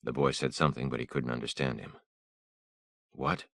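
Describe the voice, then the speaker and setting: A man narrating an audiobook in a measured, somber manner. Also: a bass voice, level tone, fairly bright tone, no echo, studio quality.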